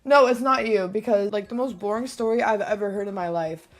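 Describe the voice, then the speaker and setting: A woman streamer chatting casually, burping loudly and often, apologizing, and swearing bluntly. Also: medium pitch, a little fast. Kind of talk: casual live-stream chat.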